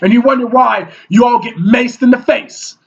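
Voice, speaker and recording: A man's voice: extremely high pitch, moderate pace, gravelly. A man delivering a heated, mocking rant to the camera, scornful and indignant. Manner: heated and mocking, mimics opponents in whiny voices. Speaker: video blogger. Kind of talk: ranting monologue. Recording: dull lo-fi recording.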